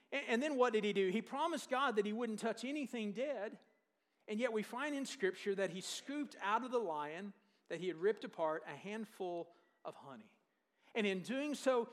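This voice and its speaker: High-voiced man preaching a sermon. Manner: lively storytelling with jokes and questions to the congregation.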